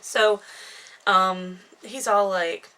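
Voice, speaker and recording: Speaking into her camera microphone at home, a dog close by, a thirties-aged woman gives a casual, rambling recap of her own book, full of digressions and jokes at her own expense. Her medium-pitched voice is steady and clean, pushed and bright, and she draws out her words.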